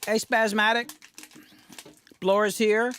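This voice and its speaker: A man's voice: high voice, little pitch movement, takes it slowly, a bit bright, slight background noise. A man hosts a livestream of his recording session, chatting in a loose, rambling way. He sometimes talks with his mouth full and keeps a casual tone. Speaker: music producer streaming a studio session. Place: home recording studio.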